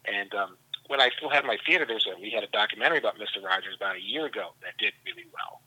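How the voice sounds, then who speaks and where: A man chatting as a guest, talking fast and eagerly. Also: lowish voice, animated, pushed and bright, breathy edge, low-quality recording. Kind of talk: casual chat.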